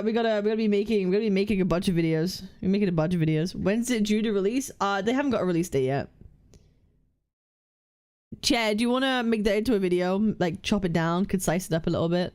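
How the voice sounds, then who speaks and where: A woman's voice: medium pitch, a little mellow. A woman streaming casual reaction commentary, often laughing and throwing in slang like "bro.".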